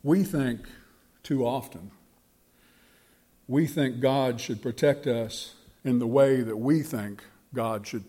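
A man preaching a sermon and telling a story with slow, emphatic delivery. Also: mid-range voice, dark tone.

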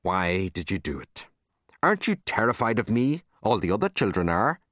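A man plays a stern older woman librarian who is fierce yet kind underneath, barking clipped, commanding orders in a low voice while his pitch swings widely. He is very animated, at a moderate pace, with a fairly bright tone. The sound is dry and close, with no room sound.

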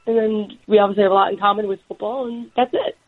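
A woman guest chatting casually on a podcast, laughing often and telling lively stories. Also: mid-range voice, fast talker. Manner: laughing, animated storyteller. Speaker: podcast guest, football reporter. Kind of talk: casual chat. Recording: dull lo-fi sound.

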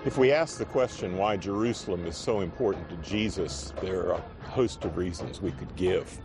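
A man explaining in a documentary interview, thoughtful, listing points with small pauses. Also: deep voice. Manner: thoughtful, lists points with fillers. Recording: documentary clip with music under it.

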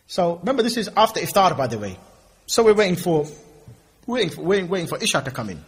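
A man's voice: mid-range voice, fast talker, breathy edge. A man preaching informally, telling stories and acting out the people in them. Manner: animated storytelling, mimics people in quoted exchanges. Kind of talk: informal sermon with acted-out dialogues.

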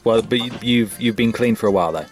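A man's voice: fairly low pitch, fast talker, faint music behind. A man hosting a podcast, chatting casually and dry in manner. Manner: dry, wry. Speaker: podcast host. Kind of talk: casual chat.

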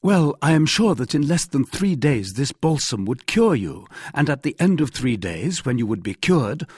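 A man's voice: medium pitch, sing-song, normal speed, darkish tone, breathy edge, dry recording, studio quality, voice pushed up. A man voicing a polite, bold young male swordsman in an audiobook, talking earnestly and formally.

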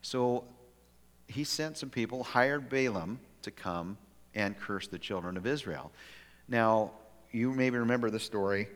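A man preaching a sermon as pastor, telling a story in a lively way with many restarts. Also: mid-range voice. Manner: animated storytelling with frequent restarts. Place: church sanctuary. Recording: long hall reverb.

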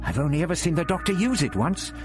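A man's voice: fairly high pitch, big pitch swings, fast talker, pitched above the performer's own voice. A man voicing a resolute young woman adventurer, lifting his voice, with background music. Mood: explaining.

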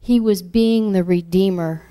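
A woman giving an emotional spoken testimony, halting and repeating her words, sometimes dropping to a hush. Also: medium pitch, steady tone, clean tone.

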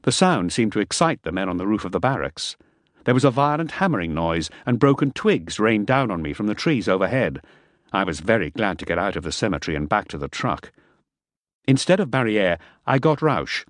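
A man narrating a first-person adventure novel as an audiobook, measured and steady. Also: fairly low pitch, no room sound, clean studio sound.

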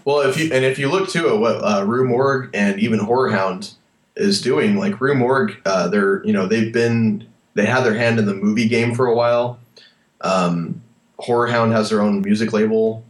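A man's voice: on the low side, moderate pace. A man co-hosting a podcast, chatting casually and rambling with self-corrections. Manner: rambling, self-correcting, laughs at own attempts. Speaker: podcast co-host. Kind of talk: casual chat. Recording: roomy echo.

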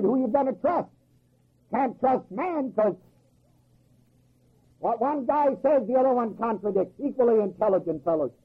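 Male preacher, folksy and emphatic, husky voice, heard on a thin, tinny old recording. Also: high-pitched. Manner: folksy, emphatic, rhetorical questions, chuckles at own jokes. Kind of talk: sermon.

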